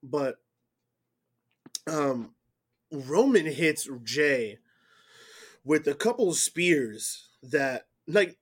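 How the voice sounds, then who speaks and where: Animated man recapping a wrestling match. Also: fairly high pitch, drawn-out words, pauses often. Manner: animated, breaks into loud whoops. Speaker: podcast co-host. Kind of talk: casual wrestling recap chat.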